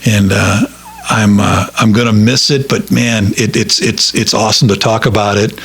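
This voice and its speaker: A middle-aged man, a radio broadcaster, telling stories from his career in a casual interview, rambling with many halting restarts. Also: lowish voice, steady tone, creaky, a bit bright, breathy edge.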